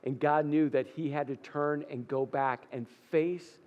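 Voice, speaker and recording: Pastor preaching, fairly high voice, goes quiet and hushed for effect. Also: male voice, steady tone, measured pace, dull audio. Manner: dramatic, drops to soft near-whisper. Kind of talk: sermon.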